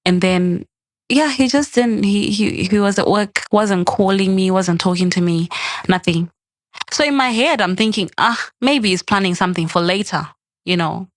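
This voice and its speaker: A woman's voice: mid-range voice, moderate pace, no echo. A young adult woman, a podcast guest, telling a personal story in casual chat and acting out the quoted lines. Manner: animated, acts out quoted dialogue.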